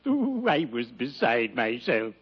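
An actor playing a mock-solemn, unctuous undertaker in an old radio comedy, with pompous phrasing. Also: male voice, medium pitch, big pitch swings, slow pace, breathy edge, heavily acted. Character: unctuous middle-aged male undertaker with gallows jokes. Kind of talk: 1940s radio acting. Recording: hissy lo-fi old radio broadcast.

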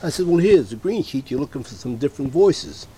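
A man's voice: a little high, fairly quick, a little hiss or hum. An older man, a veteran entertainer, telling anecdotes in a radio interview and acting out the voices of the people he quotes. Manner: lively anecdotal storyteller, acts out quoted voices. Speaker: guest, veteran voice actor and musician.

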